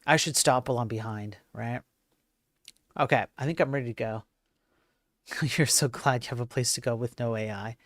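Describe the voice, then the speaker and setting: A man's voice: medium pitch, fairly even intonation, moderate pace, pauses often, a bit bright, dry recording, studio quality. A man hosting a live stream, chatting casually and self-deprecatingly with his viewers, rambling from one aside to the next. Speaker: livestream host.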